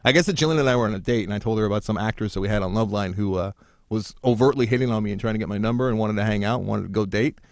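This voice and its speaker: A man's voice: fairly low pitch, rapid-fire, no echo, studio quality. A man hosting a podcast in casual chat, with wry, teasing banter. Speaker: podcast host.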